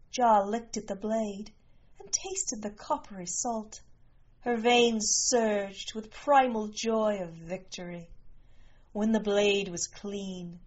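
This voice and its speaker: A woman narrating a story in a slow, measured way. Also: mid-range voice, fairly even intonation, dull audio.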